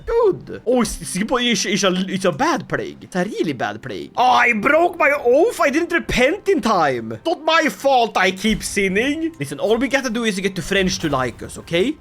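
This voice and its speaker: A video creator giving comedic, joke-filled commentary over a strategy game. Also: mid-range voice. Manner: jokey, animated, playful asides.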